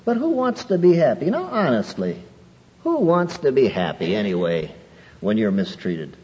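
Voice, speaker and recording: A man preaching a sermon, lively and conversational, acting out people's excuses in a raised voice. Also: normal speed. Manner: animated, acts out quoted excuses in a higher voice. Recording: muffled old hall recording with faint noise.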